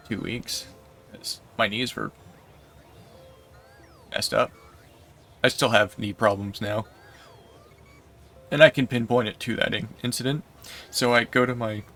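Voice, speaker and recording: A man livestreaming while gaming, telling a long story in a rambling, unhurried way with lots of fillers. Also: fairly low pitch, steady tone, gravelly, fairly bright tone, soft background music.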